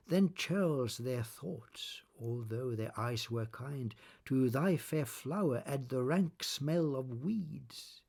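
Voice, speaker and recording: Male poetry reader: rough, breathy voice, unhurried and deliberate verse recitation. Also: medium pitch, lively intonation, darkish tone. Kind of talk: reciting sonnets aloud.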